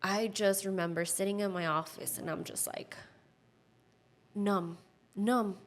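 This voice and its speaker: A woman in her thirties giving a personal testimony as a podcast guest, earnest and heartfelt, with lots of "like" fillers and a hushed voice at tender moments. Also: medium pitch, steady tone, measured pace. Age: 30s. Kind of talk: personal testimony in casual conversation.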